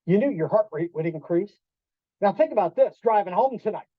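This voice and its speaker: A man giving a storytelling talk to an audience in a restaurant event room, animated, acting out quoted voices and quizzing the listeners. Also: high-pitched, a little fast, no room sound. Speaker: keynote speaker. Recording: dull lo-fi dry sound.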